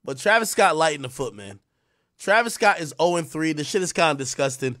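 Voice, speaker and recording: Rambling, profane male streamer, higher voice. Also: brisk. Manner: animated, rambling, profane trash talk. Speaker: livestream host. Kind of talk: casual live-stream commentary.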